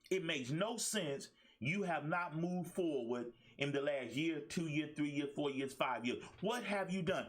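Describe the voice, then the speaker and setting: A middle-aged man with a fairly high, slightly bright voice hosts a talk show as a life coach. His monologue is fired-up and preachy, full of colloquial speech and emphatic, repeated phrases.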